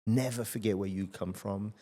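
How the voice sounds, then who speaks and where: A middle-aged man hosting a podcast, telling blunt, energetic stories in casual conversation and swearing freely. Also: fairly low pitch, normal speed. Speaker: podcast host.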